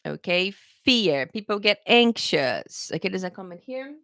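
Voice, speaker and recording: A woman's voice: medium pitch, big pitch swings, a little slow, creaky, a bit bright, no echo, studio quality. A woman from Brazil with a Brazilian accent, an English teacher chatting on a live stream Q&A who keeps checking in with her viewers.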